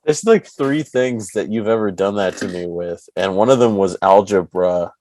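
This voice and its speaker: A man hosting a podcast in casual chat, telling stories with frequent "right?" tags and squeaky put-on voices. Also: normal speed, a little mellow. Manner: laughing storyteller who acts out squeaky high character voices. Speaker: podcast host.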